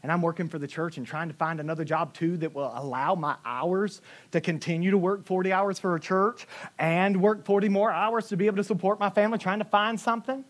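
A man preaching in a fairly high voice, spinning a personal story and acting out every quote. He swings from near-shouting to hushed, soft moments, his pitch leaping around as he goes. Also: fairly even intonation, a little fast. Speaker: pastor. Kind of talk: sermon.

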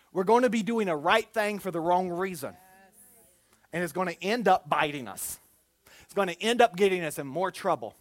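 A preacher giving a Pentecostal sermon in an animated, exclamatory manner, with call-and-response to the congregation. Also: medium pitch, no echo, studio quality.

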